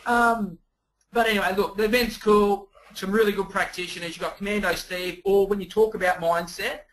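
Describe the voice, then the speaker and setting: An Australian man talking as a guest on a webinar, telling stories in an energetic, animated way. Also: sits high, fairly quick, rough recording. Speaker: guest real estate agent. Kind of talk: webinar conversation.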